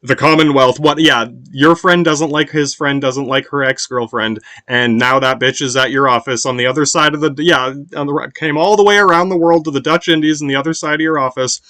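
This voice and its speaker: A man hosting a podcast, rambling in a casual monologue, swearing often and filling every pause with "yeah". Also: on the high side, pushed and bright, dry recording, clean studio sound. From United States. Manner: meandering, profane, constant "yeah" fillers. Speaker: podcast host.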